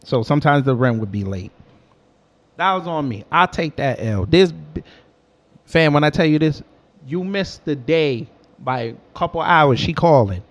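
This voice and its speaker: A man's voice: fairly high pitch, a little slow. A young man from New York, telling a story in a casual, slangy way and answering his chat as he goes. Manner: animated, slangy, talks back to chat. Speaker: host.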